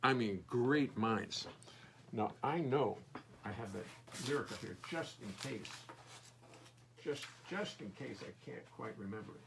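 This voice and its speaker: A man's voice: measured pace, gravelly, noisy background. An older man chatting casually from his home studio, rambling and self-mocking in murmured asides. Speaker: singer-songwriter and bassist. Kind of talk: casual live-stream chat between songs. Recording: distant mic, loud bass playing behind.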